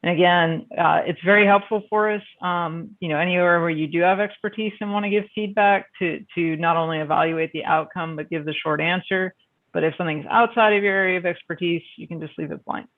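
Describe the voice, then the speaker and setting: A man presenting a spreadsheet survey on a video call, halting with many fillers and restarts. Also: high voice, fairly even intonation. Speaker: meeting presenter. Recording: phone-like band-limited video call audio.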